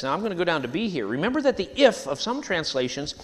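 A man preaching a sermon in a church, emphatic and animated, leading the congregation to repeat phrases after him. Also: fairly high pitch, fast, few pauses. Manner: sings hymn lines at the start.

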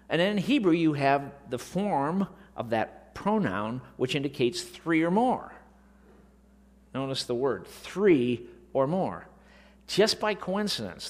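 A man teaching a Bible lesson in sermon style, animated and full of rhetorical questions. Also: mid-range voice. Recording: long reverb of a large hall.

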